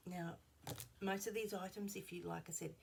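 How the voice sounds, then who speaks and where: A middle-aged woman chatting casually at her craft table at home, rambling and drifting into soft asides, a little unwell. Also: mid-range voice, steady tone, normal speed, creaky, background noise. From Australia. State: slightly unwell. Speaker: craft vlogger. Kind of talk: casual show-and-tell chat.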